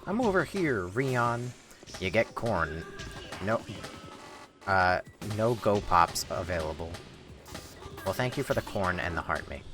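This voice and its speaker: A man streaming a video game, joking with chat and talking to himself, with sudden loud outbursts. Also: sits low, a little slow, pauses often, music in the background. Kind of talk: live gameplay commentary.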